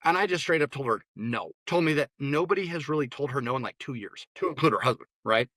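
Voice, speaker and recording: A man's voice: medium pitch, expressive, fast talker, a bit bright, dry recording. A man, a therapist and interview guest, talking bluntly and opinionatedly, often restarting his words. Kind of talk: casual interview talk.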